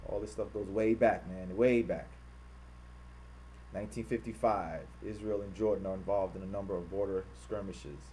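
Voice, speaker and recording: A man hosting an online show, reading items off his screen and talking about them. He repeats himself often and gets loud and high-pitched when he is worked up. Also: steady tone, moderate pace, a little hiss or hum. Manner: repetitive, grows loud and high when heated, mocking quoted voices. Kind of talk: livestream commentary reading from a screen.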